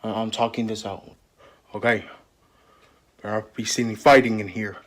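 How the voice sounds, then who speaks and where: A man's voice: lowish voice, level tone, a little slow, a bit bright. A man improvising role-play voices for game characters, stammering and repeating his words. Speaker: player voicing game characters.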